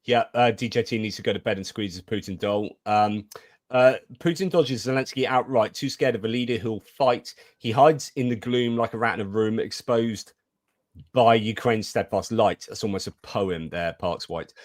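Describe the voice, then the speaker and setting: Give me a low-voiced man co-hosting a live stream, reading viewer comments in a dry, close recording. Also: moderate pace, dry recording. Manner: chatty, reads out viewer comments.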